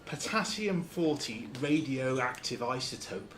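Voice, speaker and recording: A man from Lancashire giving an informal talk to a club, halting and full of fillers and restarts. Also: mid-range voice, animated, background noise. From Lancashire, England. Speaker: guest speaker.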